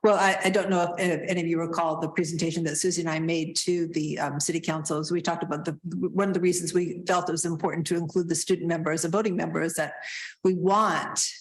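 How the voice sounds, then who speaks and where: Low-voiced woman chairing a meeting. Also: fairly even intonation, fast talker, slight background noise, poor audio. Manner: informal, earnest, restarts often. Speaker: board chair.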